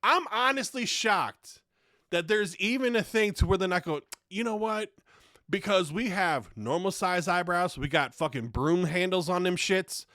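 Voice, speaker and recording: A man hosts his own podcast and works through a profane, exasperated comedic rant. His voice sits high and bright, and it leaps up and down as he rails. The sound is close and dry, with no room echo. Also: normal speed. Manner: heavy swearing, exasperated and animated. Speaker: podcast host.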